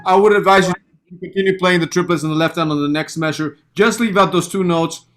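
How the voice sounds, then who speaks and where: Bright-voiced man teaching piano. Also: high-pitched, fairly even intonation, fairly quick. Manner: patient, counts beats aloud and sings rhythms. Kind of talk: online music lesson.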